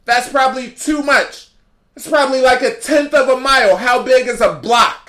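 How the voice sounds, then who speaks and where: A man's voice: very high voice, moderate pace, fairly bright tone. A man hosting a solo podcast, ranting sarcastically and mocking what he criticizes, recorded in an echoey room. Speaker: podcast host.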